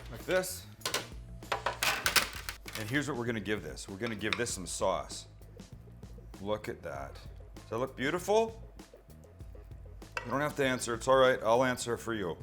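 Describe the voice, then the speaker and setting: A man's voice: medium pitch, sing-song, moderate pace, pauses often. Middle-aged guy cooking in his kitchen, chatty, jokes around with the crew, faint music under it. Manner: chatty, teasing, answers his own questions. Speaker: cooking show host. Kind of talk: casual cooking demonstration. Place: home kitchen with low ceilings. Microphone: handheld mic held close at times.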